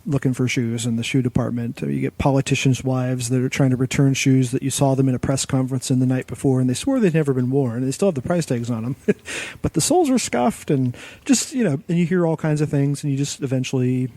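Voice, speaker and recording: A man's voice: medium pitch, quick pace, no echo. A man co-hosting a podcast, telling a funny anecdote in casual chat. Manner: lively anecdote telling with laughs. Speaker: podcast co-host.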